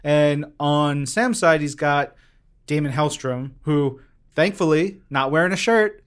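An enthusiastic man co-hosting a casual podcast, his voice sitting a touch high. He tells stories with lively energy. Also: a little slow, clear, resonant tone. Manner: enthusiastic, animated storytelling. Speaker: podcast co-host reviewing comics. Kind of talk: casual chat.

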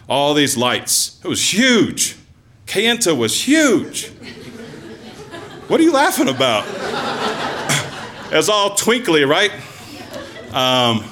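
A man telling a personal story live to an audience, in an animated, conversational way with lots of asides and fillers. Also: medium pitch. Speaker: storyteller, former teacher.

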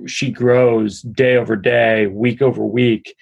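A man's voice: mid-range voice, flat delivery, takes it slowly, creaky, husky, dry recording, dull audio. A middle-aged man, a comedian, chatting casually and joking in a self-deprecating way in an interview. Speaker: comedian guest.

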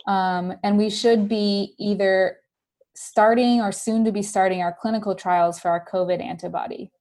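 A woman lab scientist chatting as a podcast guest, explaining her research in a quick, easygoing way. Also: mid-range voice, steady tone, darkish tone. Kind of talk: casual interview chat.

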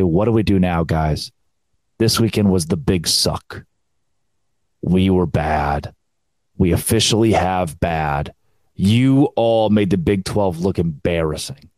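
A young man, hosting a solo college football podcast in a sarcastic, animated rant. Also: sits low, no echo. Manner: sarcastic, animated, mocking quoted fans. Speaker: podcast host.

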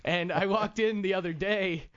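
High-voiced male radio host. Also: fairly even intonation, normal speed, fairly bright tone, lo-fi sound. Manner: laughs often, tells stories with acted quotes. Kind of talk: casual talk radio banter.

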